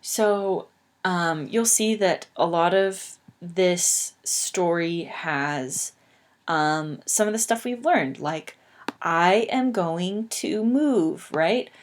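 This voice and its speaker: Slow, low-voiced woman teaching. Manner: patient, explains words plainly with fillers. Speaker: English teacher. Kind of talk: slow English lesson, reading aloud.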